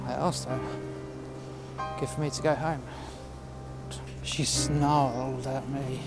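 A man's voice: mid-range voice, flat delivery, moderate pace. A man telling a workplace story outdoors in freezing cold, heated and profane. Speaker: storyteller recounting a workplace dispute. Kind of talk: casual spoken storytelling. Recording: music playing under the voice.

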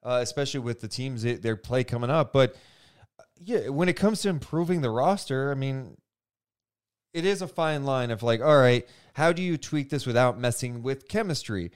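A man's voice: mid-range voice, normal speed, clean tone. A man co-hosting a basketball podcast in casual, filler-heavy chat. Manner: animated, lots of fillers. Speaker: podcast co-host.

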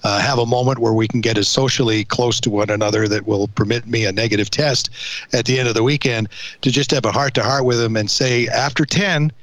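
A man's voice: mid-range voice, steady tone, fast talker, dry recording. A man co-hosting a casual chat show, joking and rambling with restarts. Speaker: air show podcast co-host. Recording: dry close mic.

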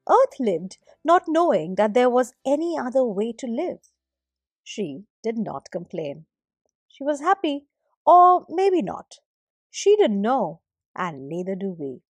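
Slow, expressive woman storyteller. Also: on the high side, no room sound, studio quality. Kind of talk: storytelling narration.

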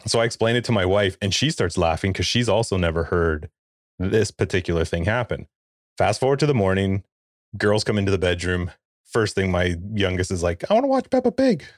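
Deep-voiced dad telling a story. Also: male voice, a little fast, no echo, clean studio sound. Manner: animated storyteller, acts out quotes. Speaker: podcast co-host. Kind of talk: casual chat.

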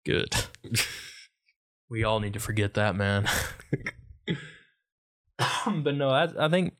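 A man's voice: on the low side, animated, slow, fairly bright tone. A man co-hosting a podcast in casual chat, easygoing and joking, often trailing off mid-sentence. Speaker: podcast co-host.

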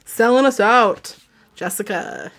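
A woman's voice: a little high, slow, fairly bright tone. A woman hosting a podcast, casually recapping a book and laughing often as she reads passages aloud. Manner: laughs often while summarizing and reading aloud. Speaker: podcast host.

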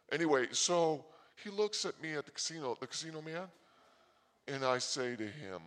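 Excitable rambling male comic. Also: mid-range voice. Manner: excitable, loud bursts, quick asides. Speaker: comedy host.

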